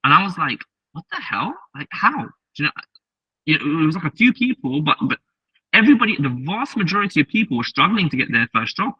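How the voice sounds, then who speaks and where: A man giving a casual tech talk as a software engineer, telling stories and acting out the dialogue in a chatty, direct way. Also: on the high side, sing-song, fast talker, breathy edge, no room sound. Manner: acts out dialogue in quoted voices, chatty and direct. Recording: distant mic, dull lo-fi sound.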